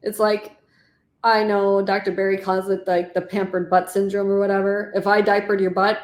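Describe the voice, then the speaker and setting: Middle-aged woman guest author, earnest and talkative, average pitch, echoey room sound. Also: little pitch movement, moderate pace, darkish tone. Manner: heartfelt, talkative, many "like" fillers. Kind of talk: casual interview conversation.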